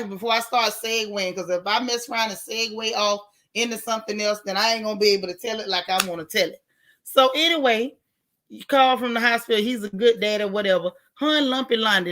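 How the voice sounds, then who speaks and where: Bright-voiced outspoken woman chatting live. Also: fairly high pitch. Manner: outspoken, animated, colloquial, talks back to the chat. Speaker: live-stream host reading viewer comments. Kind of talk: casual live-stream commentary.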